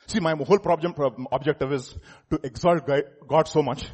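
A male pastor delivers a lively sermon in a high, husky voice. He keeps turning to the congregation with questions and breaks into chuckles between points. On the key lines he swells into loud, emphatic preaching. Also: brisk. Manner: animated preaching with laughs and sudden loud emphasis.

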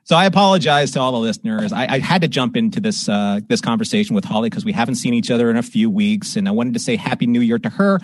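Animated man hosting a live podcast. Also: mid-range voice, fast, few pauses. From Southern California. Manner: animated storyteller, puts on voices in anecdotes. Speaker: podcast host. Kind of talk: casual live-stream chat. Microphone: home desk microphone.

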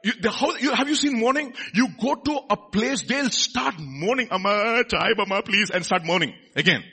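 A man's voice: extremely high pitch, animated, moderate pace, a bit bright, slightly rough. A man preaching a sermon, asking the congregation questions as he teaches from scripture. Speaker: pastor.

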